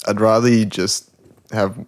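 A man co-hosting a casual sports podcast, chiming in with relaxed, agreeable remarks. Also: lowish voice, measured pace. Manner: laid-back, agreeable. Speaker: podcast co-host.

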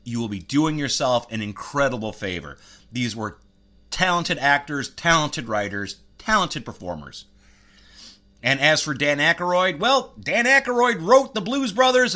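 A man's voice: on the high side, expressive, unhurried, pushed and bright. A man hosting a podcast, talking earnestly and eagerly in a monologue. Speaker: podcast host.

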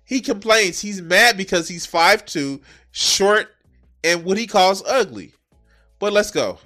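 A man mocking a clip in a profane, animated reaction commentary, cursing and laughing at the speaker. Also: high-pitched, slow, soft background music. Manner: mocking, animated, swears heavily.

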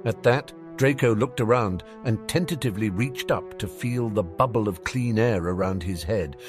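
A man narrating a fan fiction audiobook with an expressive reading. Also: lowish voice, moderate pace, music in the background.

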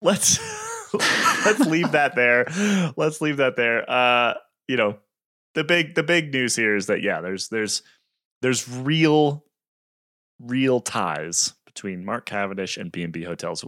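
Lively, bright-voiced podcast man. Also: medium pitch, unhurried, no echo, studio quality. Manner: upbeat, chuckles through his points. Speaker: podcast co-host. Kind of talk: casual cycling chat.

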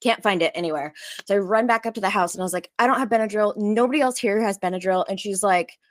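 Animated woman telling a story. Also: mid-range voice. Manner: animated, fast, full of likes, acts out others' lines. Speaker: storyteller guest. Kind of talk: casual storytelling.

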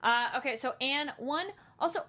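Woman, bright voice, slightly high, chatty recap, acts out reactions. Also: normal speed. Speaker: podcast co-host. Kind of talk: casual TV recap chat.

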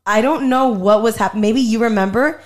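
A woman with a voice on the high side talks briskly, telling a story in casual conversation. She's an animated storyteller who swears freely and acts out what people said.

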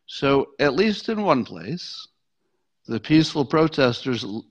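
A man holds forth on his own in a relaxed, wry tone, often stopping to rephrase and laughing at his own points. His pitch sits in the ordinary middle for a man, and the recording sounds a little dull. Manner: conversational, wry, frequent restarts and laughs. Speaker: commentary show host. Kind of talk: casual solo commentary.

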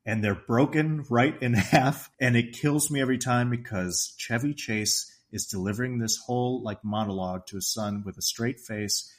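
A middle-aged man co-hosting a casual film podcast. He retells scenes with lively enthusiasm and breaks into laughter often. His voice sits at an ordinary male pitch. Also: normal speed, few pauses. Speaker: podcast co-host.

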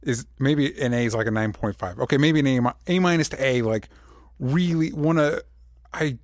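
A man with an ordinary mid-range voice co-hosts a casual film review. He talks eagerly in halting bursts, packed with fillers and restarts. The recording is dry and close. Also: medium pitch, dry recording. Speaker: movie review podcast co-host. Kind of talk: casual movie review chat.

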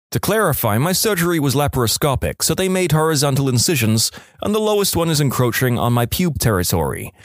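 Brief: male story reader, lively wry delivery, dry close-mic sound. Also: mid-range voice, no echo. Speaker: narrator. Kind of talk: reading online stories aloud.

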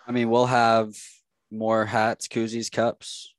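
A man with a lowish voice co-hosts a sports podcast. He tells stories with energy and laughs easily. The mic is close and dry. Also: slow pace, dry recording. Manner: animated storyteller, laughs often. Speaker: sports reporter co-host. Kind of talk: casual sports chat.

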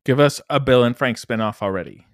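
A man's voice: medium pitch, fairly quick, no room sound, studio quality. A man co-hosting a casual gaming podcast, telling funny stories in a jokey, self-mocking way. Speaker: podcast co-host. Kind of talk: casual podcast chat and storytelling.

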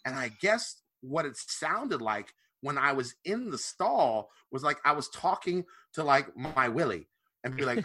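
Bright, profane man telling a story. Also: fairly high pitch, moderate pace, dry recording. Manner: profane, animated anecdote telling. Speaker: podcast co-host. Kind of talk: casual storytelling chat.

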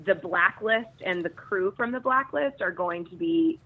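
A woman from Texas calling in as a guest to a casual chat, sharing relaxed, measured opinions. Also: fairly low pitch, slight background noise. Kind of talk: casual chat over a phone line. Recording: tinny phone line.

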